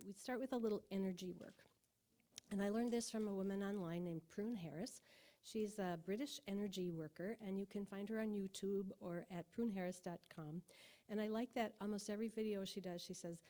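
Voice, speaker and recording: A woman guiding a meditation in a church, talking gently and sometimes dropping into a whisper. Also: mid-range voice. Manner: gentle, soft-spoken, often whispered. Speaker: meditation leader. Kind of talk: guided meditation. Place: church sanctuary.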